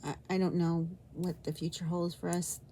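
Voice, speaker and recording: A woman vlogging about her own love life, talking in a halting, rambling way with many restarts and an emotional, sometimes near-whispered delivery. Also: lowish voice, little pitch movement, dark tone, slight background noise. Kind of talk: personal storytelling vlog.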